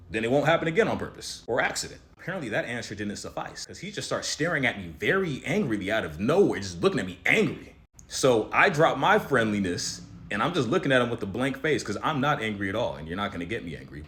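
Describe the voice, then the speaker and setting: Fast, animated man telling a story. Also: medium pitch. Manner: animated, conversational storytelling with advice to listeners. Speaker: spiritual motivational speaker. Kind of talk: motivational storytelling monologue.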